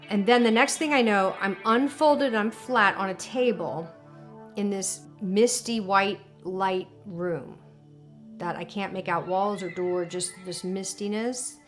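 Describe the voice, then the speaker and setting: Brief: woman interviewee, average pitch, emotional storyteller, faint music behind. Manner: emotional, vivid storytelling with hesitations. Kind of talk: documentary interview recounting an experience.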